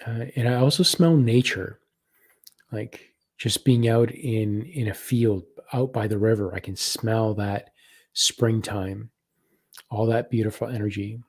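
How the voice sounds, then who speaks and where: A man with a low, husky voice guides a live spiritual practice. He talks slowly and softly, pausing as he reads viewer comments and describes what he senses. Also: steady tone. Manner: slow, soft-spoken, reads viewer comments aloud. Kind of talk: live guided meditation session.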